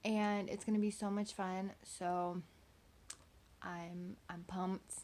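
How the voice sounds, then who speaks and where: A woman's voice: medium pitch, flat delivery, slow, a little mellow, a little hiss or hum. An eighteen-year-old woman from Texas chatting casually into her phone camera at home at night, rambling with lots of "like" and "um". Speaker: vlogger. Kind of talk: casual storytelling vlog.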